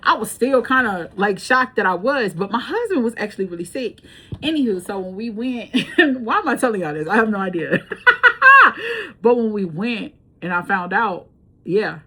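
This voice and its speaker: A woman's voice: medium pitch, animated, moderate pace, fairly bright tone, slightly rough. A woman tarot reader chatting casually to camera, telling stories with loose laughs and the odd swear word.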